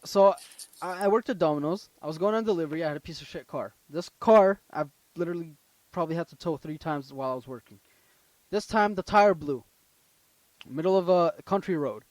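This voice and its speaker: Animated young man telling a story. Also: a little high, a little fast, dry recording. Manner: animated storyteller, swears freely, swings between loud and quiet. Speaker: podcast co-host. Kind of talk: casual chat, storytelling.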